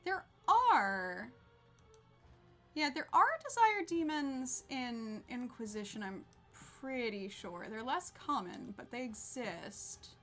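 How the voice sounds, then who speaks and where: A woman's voice: a little high, sing-song, slow pace, pushed and bright, faint music behind. A woman streaming a game, chatting casually with viewers, bubbly and laughing often. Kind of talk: casual gameplay chat with viewers.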